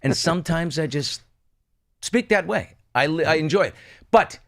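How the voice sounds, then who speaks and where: A man's voice: fairly high pitch, animated, normal speed. A man co-hosting a talk show, chatting casually in a playful, gossipy way.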